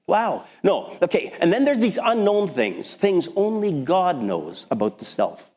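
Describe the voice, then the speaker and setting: A man preaching a sermon as pastor, talking in a conversational, animated way with frequent restarts. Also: high-pitched, unhurried. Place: church sanctuary. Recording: long hall reverb.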